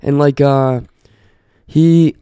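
A man's voice: mid-range voice, steady tone, very slow, warm tone, clear, resonant tone, dry recording, clean studio sound. A young Canadian man, a podcast co-host, telling profane neighbor stories in casual chat and acting out the people in them. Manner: profane storyteller, acts out neighbors' lines.

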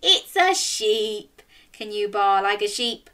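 A young woman reading a children's story aloud and running games, speaking directly to young children in an animated way. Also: mid-range voice, slow.

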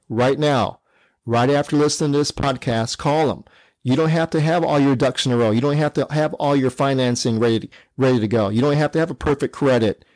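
A man's voice: medium pitch, a little mellow, dry recording. Emphatic man hosting an advice podcast. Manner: emphatic, repeats key points, frequent "all right" check-ins. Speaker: podcast host. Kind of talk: instructional podcast talk.

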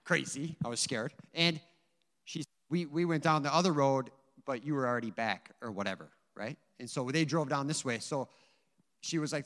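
A man's voice: medium pitch, moderate pace, fairly bright tone, in a large hall. A man giving an earnest, emotional personal testimony to a church audience, telling his story with many asides. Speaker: guest speaker giving a testimony.

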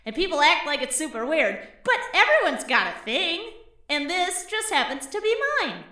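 Playing a quirky, chatty and odd comedian who lives in the vents, a woman rambles through an audio-drama stand-up set as comic and co-host, giggling and putting on voices in her anecdotes in an amused mood. Her voice sits high, sing-song and sharp at normal speed, in a full character voice. The mic is distant, so the sound is roomy and off-mic.

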